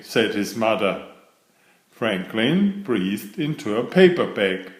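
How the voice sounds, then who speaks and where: A man reading a children's picture book aloud, slow and expressive. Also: on the low side. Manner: slow, sing-song, expressive. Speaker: storybook reader. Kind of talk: children's story read-aloud. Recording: echoey room.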